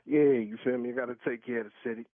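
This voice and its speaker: A man's voice: medium pitch, level tone, racing, dry recording. Give me a blunt, cursing man talking over a tinny phone line. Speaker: prank call target. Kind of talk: heated phone conversation. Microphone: telephone.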